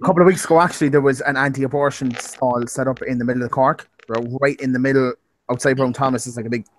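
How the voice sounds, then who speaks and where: A man's voice: mid-range voice, fairly even intonation, fast talker, slight background noise. A man hosting a podcast, telling stories in casual, rambling talk with plenty of swearing. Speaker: podcast host.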